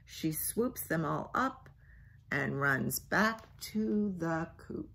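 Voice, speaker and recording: Bright sing-song lady librarian doing bedtime story time, voice going way up and down, soft and gentle. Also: low voice, lively intonation, extremely slow, vocal fry, a little hiss or hum. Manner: gentle, coaxing, asks children questions; drops to a hushed near-whisper. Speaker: children's librarian. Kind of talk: bedtime picture-book read-aloud.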